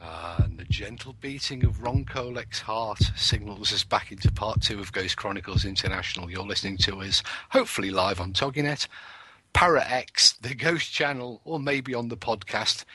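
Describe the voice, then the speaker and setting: Bright, chatty man hosting a radio show. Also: lowish voice, normal speed, a little hiss or hum, low-quality recording. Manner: joking, chatty, laughs easily. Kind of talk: casual radio chat.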